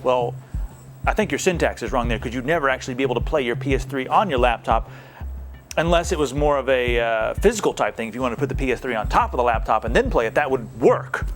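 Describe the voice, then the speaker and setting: A man's voice: mid-range voice, expressive, quick pace, soft background music. A young man hosting a casual tech question show, answering viewer emails with playful jokes and asides.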